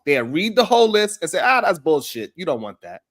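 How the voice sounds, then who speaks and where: A man's voice: high-pitched, sing-song, brisk, dry recording, clean studio sound. A man on a podcast panel, making his point in an emphatic, argumentative way. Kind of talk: casual chat.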